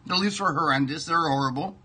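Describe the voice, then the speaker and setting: A middle-aged man from Toronto, Canada hosts a comic sports show, ranting profanely and repeating himself while eating pie. His voice is fairly high-pitched, fast, and bright, with a forceful, slightly rough tone.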